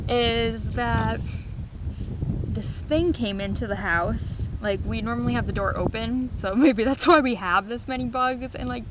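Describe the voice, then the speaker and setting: A young woman vlogging outdoors on a farm, casually telling funny stories with lots of laughs and excited squeals. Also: a little high, background noise. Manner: animated, laughing, squealing when retelling scares. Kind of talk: casual storytelling vlog.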